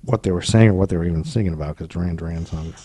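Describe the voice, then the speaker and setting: A man's voice: low-pitched, racing, warm tone, slight background noise. An American man co-hosting a podcast in a casual, joking, rambling chat. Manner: joking, rambling, breaks into goofy accents and singing. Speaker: podcast co-host.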